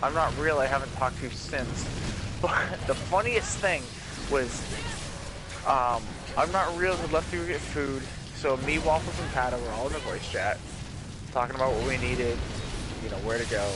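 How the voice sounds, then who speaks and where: A man hosting a game stream, telling a story in an animated way, swearing freely. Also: medium pitch, normal speed, loud music behind the voice. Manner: animated, swearing, dramatic retelling. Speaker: streamer host. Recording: noisy home stream mic.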